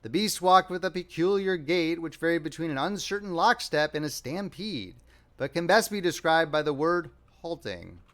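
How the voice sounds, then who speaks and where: A man narrating a classic short story as an audiobook reader, with a wry, expressive delivery. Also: a little high, normal speed. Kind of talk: scripted narration.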